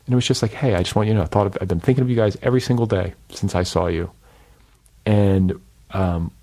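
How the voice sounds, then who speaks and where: A man's voice: fairly low pitch, darkish tone. A man hosting a podcast, talking candidly in a loose, self-deprecating way with frequent swearing and fillers. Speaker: podcast host. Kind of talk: casual conversation.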